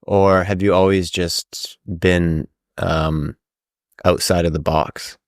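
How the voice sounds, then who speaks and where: A man's voice: low-pitched, level tone, slow, no echo, studio quality. A young man co-hosting a podcast, asking questions and making crude jokes. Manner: joking, crude banter. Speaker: podcast co-host. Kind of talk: casual chat.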